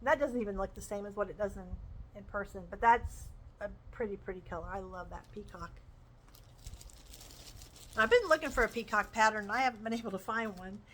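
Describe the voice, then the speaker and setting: A woman's voice: medium pitch, a little fast, a bit bright, slight background noise, poor audio. A woman chatting enthusiastically as she shows off her crochet purchases. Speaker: crochet vlogger. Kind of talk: casual show-and-tell chat.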